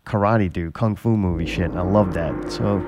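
A man's voice: low voice, moderate pace, a little mellow, slight background noise. A man co-hosting a podcast in casual chat, talking loosely with lots of swearing and laughter. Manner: loose, profane, laughing banter. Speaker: podcast co-host.

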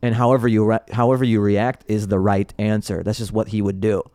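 A male comedian guest on a podcast, telling stories in an animated, casual way and laughing often between phrases. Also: on the low side, brisk, no room sound, clean studio sound.

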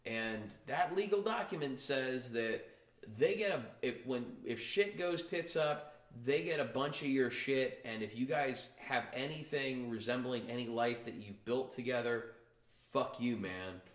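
A man's voice: medium pitch, measured pace, echoey room. A man in casual podcast chat, rambling and joking, with lots of fillers. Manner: rambling, joking, slips into mock voices.

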